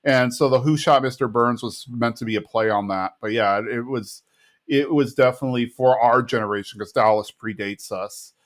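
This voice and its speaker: A young man co-hosting a chatty podcast, retelling scenes and popping into characters' voices along the way. His voice sits in a middle pitch and moves with the story, and his talk is loose and casual. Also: normal speed. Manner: animated retelling, acting out characters' lines in raised voices. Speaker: podcast co-host recapping episodes. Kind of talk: casual chat.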